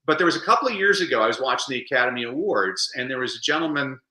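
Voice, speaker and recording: A man being interviewed on a podcast, telling animated stories and acting out the quotes. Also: medium pitch, rapid-fire, reverberant, poor audio. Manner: animated storyteller, acts out quotes. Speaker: guest speaker.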